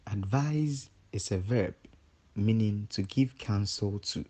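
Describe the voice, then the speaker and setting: A man narrates an English vocabulary lesson in a low, unhurried voice. He reads from a script at a very slow, measured pace and lifts his voice at each example sentence. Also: darkish tone.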